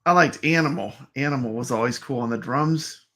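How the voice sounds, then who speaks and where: A man with a mid-range, slightly bright voice speaks briskly as co-host of a live stream show. He chats casually and upbeatly, greeting viewers by name.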